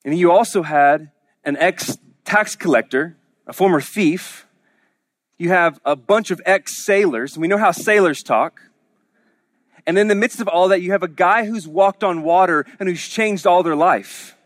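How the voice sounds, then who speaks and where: A man's voice: high-pitched, a little slow. Joking, conversational male preacher. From Oklahoma. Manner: frequent restarts and stammers. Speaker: pastor. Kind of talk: sermon.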